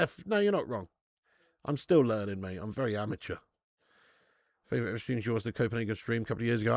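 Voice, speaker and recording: A man's voice: medium pitch, gravelly, dry recording, clean studio sound. A man hosting a live football watch-along from his garage, chatting casually and swearing while reading out viewer messages. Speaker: fan channel host. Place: home garage streaming setup. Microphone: streaming setup.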